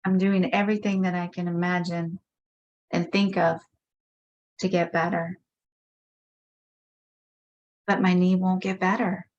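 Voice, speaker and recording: A woman leading a tapping session, speaking slow repeated affirmations about her frustration. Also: on the low side, little pitch movement, darkish tone, dull audio. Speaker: EFT tapping practitioner. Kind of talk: guided tapping script, slow repeated phrases.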